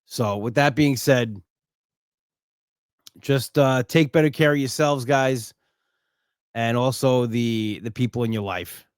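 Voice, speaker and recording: A man's voice: medium pitch, slow pace, pauses often, clean tone, no room sound, clean studio sound. A middle-aged man hosting his own podcast, talking earnestly and from the heart, often restarting and saying "you know". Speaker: podcast host. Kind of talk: solo podcast monologue.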